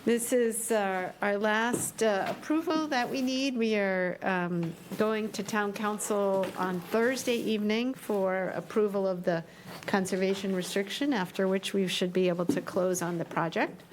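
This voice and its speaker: A woman presents a land project to a town committee at a slow, unhurried pace. Her delivery is measured, with some ums along the way. Clear background noise runs under the recording. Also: mid-range voice. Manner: measured, with fillers. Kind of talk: presenting at a public meeting. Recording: noisy room audio.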